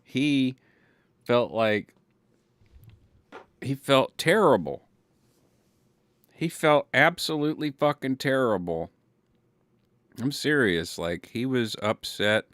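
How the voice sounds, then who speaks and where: A man's voice: fairly low pitch, a bit bright, no room sound, clean studio sound. A man from California with a Californian accent, hosting a casual chat and answering viewers, rambling with many fillers and swearing freely. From California, Ventura County. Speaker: livestream host reading chat.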